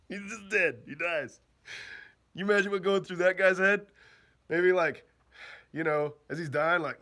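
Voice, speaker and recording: A man's voice: sits high, measured pace, pauses often, bright, forceful tone. A man casually joking his way through an explainer, laughing and acting out bits in silly voices. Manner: goofy, laughing, slangy, acts out bits in voices. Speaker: off-grid living vlogger.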